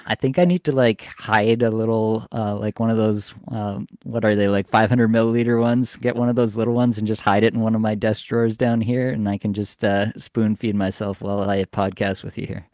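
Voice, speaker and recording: A man hosting a casual podcast, talking in a relaxed, chatty way with lots of fillers. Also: fairly low pitch, a little fast, hardly any pauses, dry recording, studio quality. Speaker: podcast host. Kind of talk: casual fantasy hockey podcast chat.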